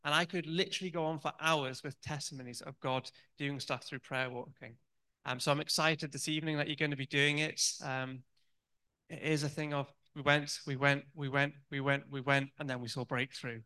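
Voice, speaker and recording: A man's voice: a little high, steady tone, brisk, pushed and bright. A man in his thirties giving a sermon, telling personal stories in a chatty, candid way with many ums and restarts. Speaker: church speaker.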